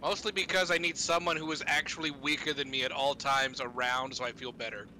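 A man's voice: mid-range voice, fairly even intonation, fairly quick, bright, forceful tone, slight background noise. A young man gaming with friends, grumbling sarcastically and swearing often. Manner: grumpy, sarcastic, swears a lot. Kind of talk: casual gaming chat.

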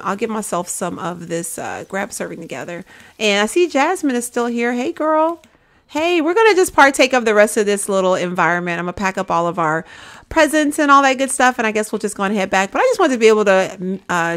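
A woman's voice: medium pitch, a bit bright. A woman hosting a casual let's-play, chatting to viewers and calling them y'all. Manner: chatty, addresses viewers as y'all, breaks into laughter. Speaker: gaming channel host.

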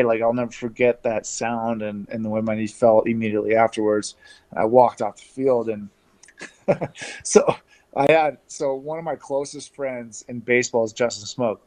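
A man from Canada telling stories as an interview guest over a video call, relaxed and chatty with lots of fillers and restarts. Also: medium pitch. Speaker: interview guest, former pro baseball player.

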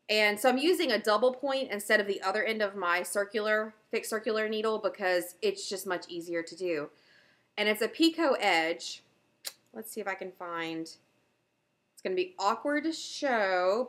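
A Southern US woman with a medium-pitched, slightly bright voice hosts a knitting video podcast. She chats casually and enthusiastically about her projects in a show-and-tell style, using lots of fillers.

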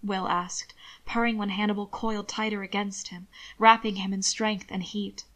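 A woman narrating a story aloud with a soft, steady delivery at a middle pitch. Her reading is even and unhurried as she describes each scene. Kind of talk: reading fan fiction aloud.

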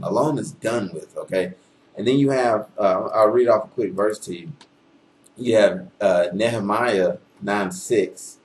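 Low-voiced guy making a heated case about the bible, lots of "okay?", slight background hiss. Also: darkish tone, rough recording. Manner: emphatic, rhetorical questions, repeats "okay?". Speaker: video channel host. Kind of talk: argumentative religious monologue to camera.

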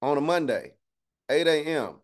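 A man's voice: on the high side, expressive, normal speed. A man preaching a casual livestreamed sermon, conversational and slangy, with joking asides and a constant "right?" to his listeners. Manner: conversational, keeps asking "right?".

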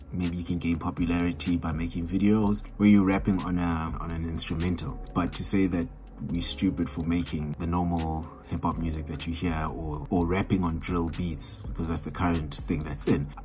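A man's voice: deep voice, steady tone, normal speed. A South African man, an independent hip hop artist, chatting candidly and rambling in a casual vlog recorded on a cell phone at home. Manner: rambling, candid and self-deprecating. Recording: music playing in the background.

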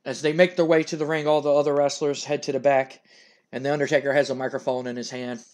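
A man's voice: mid-range voice, level tone, fast talker. A man casually narrating a wrestling sim playthrough as a game streamer. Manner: casual storytelling between voiced scenes.

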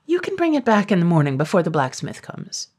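A woman's voice: lowish voice, wildly swooping pitch, fairly quick, darkish tone, husky, heavily acted. A woman voicing a tired, fussy male dragon stuck minding a baby, with a plaintive, put-upon manner.

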